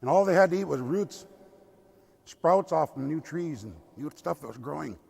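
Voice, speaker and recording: An older man from the Lummi Nation, a tribal elder telling a traditional story in a slow, deliberate way. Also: fairly high pitch, lively intonation, vocal fry, warm tone, breathy edge. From Lummi Nation, Pacific Northwest. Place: cathedral. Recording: long cathedral reverb.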